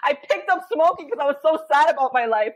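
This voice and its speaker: A high-pitched woman in her thirties, chatting candidly as a podcast guest. She tells her story with animated energy and acts out her own thoughts in quoted asides. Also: fast talker. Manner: animated storytelling, frequent laughter and quoted inner voice.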